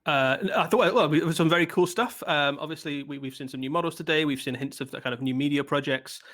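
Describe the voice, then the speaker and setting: A man's voice: on the high side, fast talker, a bit bright. A man presenting product previews on a live stream, talking with many ums, uhs and restarts.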